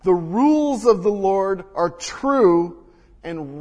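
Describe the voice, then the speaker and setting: A man preaching a sermon and reading scripture, swinging between loud emphasis and hushed quiet, recorded in a church sanctuary. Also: high-pitched, expressive, takes it slowly. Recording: long reverb of a large hall.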